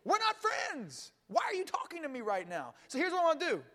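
A scornful, sarcastic woman at a well, as a preacher puts her on, brushing off a stranger with high, lifted tones. Her sharp, exasperated lines ring out with a long hall echo behind them. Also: wildly swooping pitch, a little fast, heavily acted. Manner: sarcastic, dismissive.

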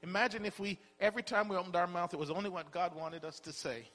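A man delivers a sermon in a high, bright voice. He preaches conversationally, asking rhetorical questions and repeating words as he builds his points. The voice rings out with a long reverb, as if in a large hall. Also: quick pace.

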